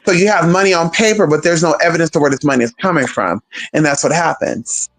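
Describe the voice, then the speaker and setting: A man's voice: fairly high pitch, quick pace, fairly bright tone, faint music behind. A man hosting his channel, ranting in a sassy, profane, swooping and emphatic way. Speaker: channel host. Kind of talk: casual rant to camera.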